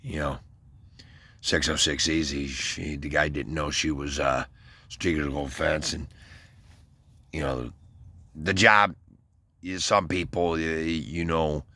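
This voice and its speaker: A man with an extremely deep, forceful voice, telling a long story in a casual, rambling monologue. He swears often and fills gaps with fillers. The sound is dry and close. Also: steady tone, slow pace, long pauses, no echo. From Westland, Michigan, US. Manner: rambling, profane, many fillers. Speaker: storyteller recounting military service.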